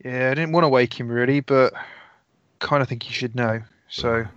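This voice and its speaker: A man playing a tabletop role-playing game, casual and quick to swear. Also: mid-range voice, a bit bright, smooth, no echo, dull audio. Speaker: player. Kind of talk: tabletop role-play in and out of character.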